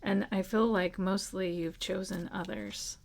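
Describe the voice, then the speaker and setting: A woman with a gravelly, fry-laden voice gives a casual tarot reading at home. Her pitch stays fairly even as she speaks in an earnest, reassuring way. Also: unhurried. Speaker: tarot reader. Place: at home with a dog.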